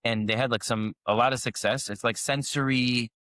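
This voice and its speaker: In a dry, studio-quality recording, a male podcast co-host tells a meandering story in casual conversation, often restarting and using fillers. He speaks at normal speed with a medium pitch, a steady tone and a fairly bright sound.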